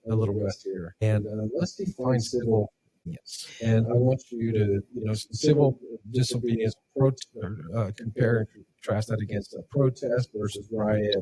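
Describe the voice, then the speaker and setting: A man's voice: fairly low pitch, moderate pace, mellow, breathy edge, dry recording, low-quality recording. A man hosting a podcast, asking loose, rambling questions full of fillers. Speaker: podcast host.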